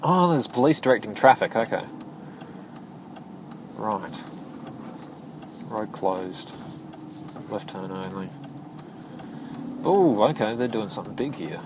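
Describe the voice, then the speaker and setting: Man vlogging from a moving car, fairly low voice, halting rambling delivery, clear road noise behind. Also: animated. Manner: rambling, halting, with frequent restarts. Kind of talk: casual storytelling while driving. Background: vehicle noise.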